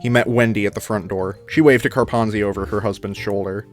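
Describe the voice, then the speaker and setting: Low-voiced guy reading out a story, dry delivery, soft guitar behind. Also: fairly even intonation, quick pace. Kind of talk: reading a comedic fan story aloud. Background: faint guitar music.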